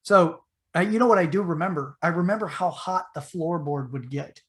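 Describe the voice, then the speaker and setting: A man with a slightly higher voice spins a long tale in a loose, rambling way, full of fillers and restarts. He slips into the voices of the people in his story as he goes, keeping the feel of a casual podcast chat. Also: normal speed. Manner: animated retelling, acts out the voices in his story. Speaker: podcast host telling a story.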